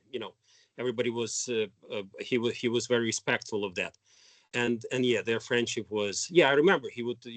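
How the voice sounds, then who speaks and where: A man, a former student, reminiscing in a halting way with many false starts. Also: mid-range voice, no echo. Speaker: former student sharing memories. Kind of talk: casual conversation.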